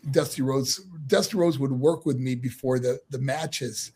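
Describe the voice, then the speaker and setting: A middle-aged man from New York telling lively stories as an interview guest and laughing often. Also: medium pitch, a little slow, slight background noise. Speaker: guest, former pro wrestler. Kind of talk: casual interview storytelling.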